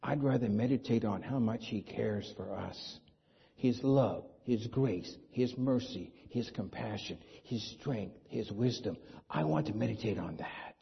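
Husky-voiced man preaching a sermon. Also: fairly low pitch, a little slow. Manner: conversational preaching with rhetorical questions. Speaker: pastor. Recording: dull lo-fi sound.

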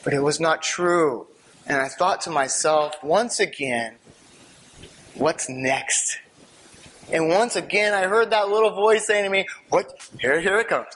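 A man sharing a personal testimony with an audience, storytelling in an animated way, laughing and swinging from hushed asides to excited outbursts. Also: on the high side, moderate pace.

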